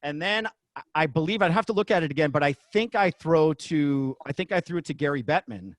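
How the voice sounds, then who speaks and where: A middle-aged man, a former arena announcer, tells his stories with real excitement. His voice sits a bit high and comes across close and dry, with no room around it. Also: brisk, no room sound. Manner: excitable, acts out shouted quotes. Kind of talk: animated storytelling in a podcast interview.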